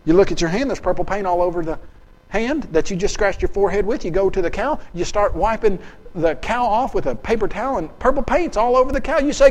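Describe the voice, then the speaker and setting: High-voiced man lecturing in a hall. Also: fast. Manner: lively and emphatic, acts out dialogues and asks the audience questions. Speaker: seminar speaker. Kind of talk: animated seminar lecture. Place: seminar hall with an audience. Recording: long hall reverb.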